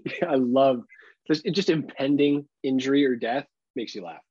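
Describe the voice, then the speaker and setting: Husky man riffing sarcastically. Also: medium pitch, moderate pace, darkish tone, no room sound. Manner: joking, sarcastic riffing with swearing. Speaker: podcast co-host. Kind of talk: casual chat. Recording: dull dry sound.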